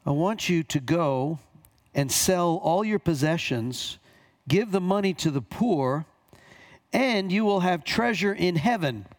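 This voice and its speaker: A man's voice: sits high, lively intonation, slow. A man preaching a sermon, reading scripture aloud and commenting on it with emphatic repetition. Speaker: pastor.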